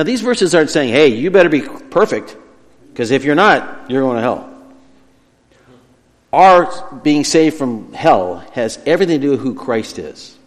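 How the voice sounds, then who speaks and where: A man preaching a sermon, emphatic and lively, dropping soft and slow on key phrases. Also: mid-range voice. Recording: long hall reverb.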